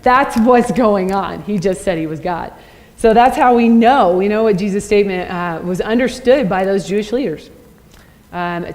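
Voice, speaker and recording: A woman's voice: medium pitch, a little mellow. Woman teaching in a reverberant church hall. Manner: conversational, asks the audience with "right?". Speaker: Christian apologetics teacher.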